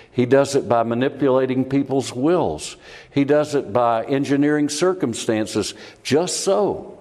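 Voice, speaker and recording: A male preacher delivers an expository sermon, his voice rising and falling as he asks his listeners questions. His mid-range voice carries a long hall reverb, as if recorded in a church. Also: mid-range voice. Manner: animated, rhetorical questions, shifting loudness.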